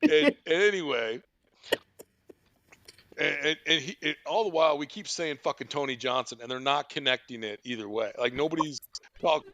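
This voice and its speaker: A podcast host telling a rambling, profane story, stumbling over restarts as he goes. His voice is raised and bright, with a gravelly rasp, and it jumps around a lot in pitch. The sound is dry and close. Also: a little fast, dry recording. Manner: rambling, profane, laughing retelling. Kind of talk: casual storytelling.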